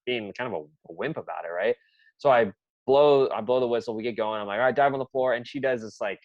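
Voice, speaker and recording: A man's voice: medium pitch, no room sound, lo-fi sound. A man who coaches basketball, chatting casually on a podcast and telling practice stories as he acts out his players' reactions.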